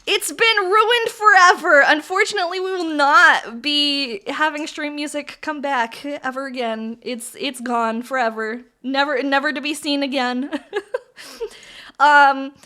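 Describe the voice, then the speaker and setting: High bright-voiced giggly woman streamer. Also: measured pace. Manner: giggly, profane, playful banter with chat. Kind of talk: casual livestream chat while building model kits.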